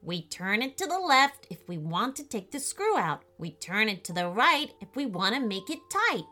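A woman's voice: a little high, very animated, bright, forceful tone, soft background music. A woman voicing a cheerful little alien. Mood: explaining. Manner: slow, friendly and explaining. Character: little green male alien, cheerful and helpful.

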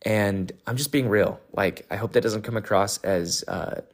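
Low-voiced man, candid podcast ramble. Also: normal speed. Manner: rambling, candid, many fillers and restarts. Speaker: podcast host. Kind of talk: casual monologue recapping a race.

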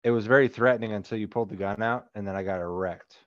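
A man's voice: on the low side, steady tone, fast talker, dry recording. A man joining a podcast as a guest over a headset, swearing a lot and laughing in casual banter. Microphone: headset on an online call. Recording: dry, slightly dull headset audio.

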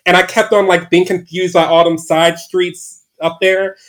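A man's voice: sits high, level tone, normal speed, fairly bright tone. Rambling man telling a candid story. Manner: rambling, frequent "like" fillers and restarts. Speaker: podcast guest. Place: his bedroom at home.

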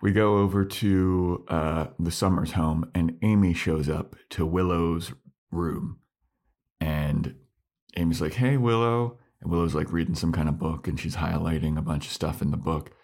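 Man, low voice, podcast co-host; loose, profane, laughs a lot. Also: fairly even intonation, measured pace, a little mellow. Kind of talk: casual recap chat.

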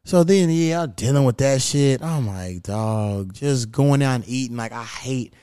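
Profane storytelling man, dark dry voice. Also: mid-range voice, unhurried, clean tone, no echo. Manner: profane, animated storytelling with quoted exchanges. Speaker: podcast host. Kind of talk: casual chat, storytelling.

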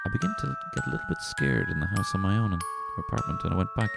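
A male podcast co-host telling a comic story deadpan, with sudden loud outbursts. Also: sits low, quick pace, gravelly, over music.

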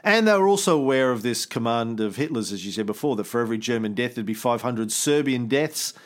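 A man's voice: medium pitch, fairly quick. A man hosting a casual history podcast, telling the story in a loose, chatty way with the odd swear word. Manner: animated storytelling, swears, puts on voices for quotes. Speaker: podcast host.

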